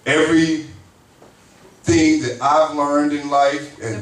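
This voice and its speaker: A man's voice: fairly high pitch, slow pace, a bit bright. A man emceeing a community town hall, who speaks in an earnest, grateful way as he makes his acknowledgements and introduces speakers. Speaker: emcee and university teacher. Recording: roomy hall, far from mic, faint noise.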